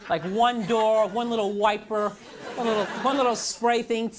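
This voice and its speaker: A man's voice: high-pitched, steady tone, moderate pace, noisy background. A man doing a stand-up comedy set, self-deprecating and exasperated, with lots of "like" and "you know" in his talk. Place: comedy club stage with live audience. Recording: live club recording with crowd laughter.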